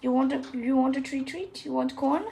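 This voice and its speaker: Woman, pet owner, casual home video; very high pitch, coaxing sing-song delivery, phone mic indoors. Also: steady tone, moderate pace, vocal fry, mellow, a little hiss or hum. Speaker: pet owner filming her parrot. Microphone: handheld phone camera.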